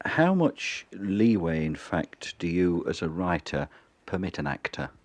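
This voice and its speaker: A deep-voiced male interviewer who asks measured, formal questions with a lively rise and fall. His voice is recorded dry and close. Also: no room sound. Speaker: radio interviewer.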